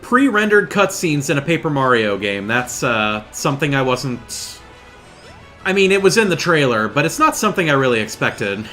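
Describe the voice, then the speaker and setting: A man muses his way through a game in casual let's play commentary, trailing off into fillers and correcting himself. His voice is bright and forceful, and faint music plays underneath. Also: medium pitch, sing-song, moderate pace. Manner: musing, with fillers and self-corrections. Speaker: gameplay commentator.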